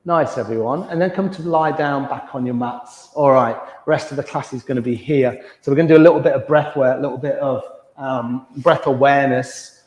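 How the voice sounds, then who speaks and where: A man leading a guided yoga class, giving calm, slow, soothing cues for movement and breathing. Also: medium pitch. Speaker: yoga instructor. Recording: dull, roomy sound with long reverb.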